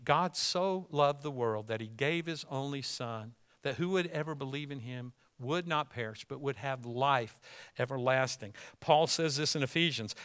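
A man's voice: a little high, sharp tone. A man preaching a sermon, talking it through in a conversational way and building up to emphatic exhortation. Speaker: pastor.

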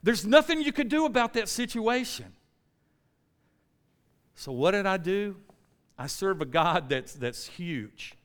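An American preacher delivering a lively sermon in a church, telling a story with energy and pulling the congregation in. His speaking voice sits on the higher side for a man. A long hall reverb hangs after his words. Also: unhurried, pauses often, clear, resonant tone. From United States. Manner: animated storyteller, often checks in with the congregation.

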